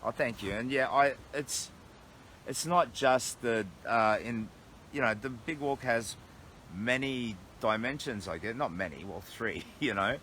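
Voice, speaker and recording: A man's voice: mid-range voice, measured pace, a bit bright, slight background noise. A middle-aged Australian man on a long walk, talking earnestly and thinking aloud to livestream followers from his camp at night. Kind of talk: casual reflective livestream talk. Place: camped outdoors at night in a storm. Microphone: phone livestream.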